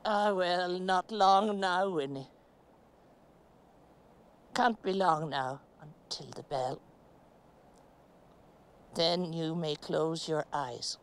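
An actress playing a stoic middle-aged woman, giving a slow, halting stage monologue with long pauses. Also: fairly low pitch, clear, resonant tone. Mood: weary.

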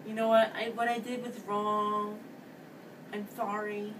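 A young man mimicking a fickle, dismissive teenage girl in a soft, offhand voice, picked up from a distance. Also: sits high, flat delivery, unhurried, background noise.

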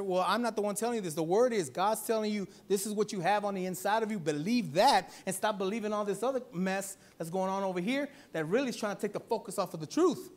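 A male pastor preaching at a church service, swinging from loud exhortation to softer speech and calling out to the congregation for a response. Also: high-pitched, fast, few pauses. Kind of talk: sermon.

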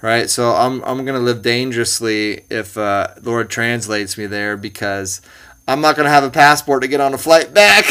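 A man in his forties from the Bay Area hosts a casual podcast chat. He rambles, restarts and fills pauses as he thinks aloud. His voice is bright and crisp, sitting at a middle pitch. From California Bay Area. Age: 40s. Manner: rambling, many fillers and restarts. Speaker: podcast host. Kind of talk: casual conversation.

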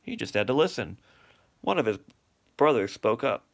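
A man's voice: mid-range voice, moderate pace, creaky. Man reading a children's book. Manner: steady storytelling read-aloud. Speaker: narrator. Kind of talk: reading a children's novel aloud.

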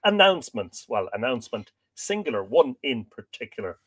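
A man's voice: medium pitch, big pitch swings, moderate pace, fairly bright tone, breathy edge. An Irish man hosting a casual livestream, greeting viewers by name and making jokes as he reads out their comments. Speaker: livestream host.

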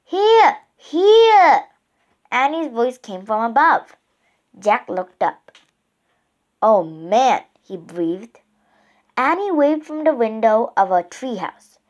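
Woman narrator for a children's storybook, slow and unhurried, expressive. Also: on the high side, lo-fi sound.

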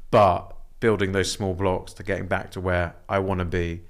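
Low-voiced young guy on a podcast, laid back, thinking out loud. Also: normal speed. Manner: relaxed, reflective, loosely phrased. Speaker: podcast guest. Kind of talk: casual conversation.

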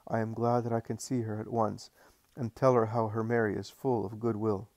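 A man's voice: on the low side, little pitch movement, normal speed, a little mellow, dry recording, lightly acted. A man reading a kindly soothing mother. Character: kind gentle mother, middle-aged woman.

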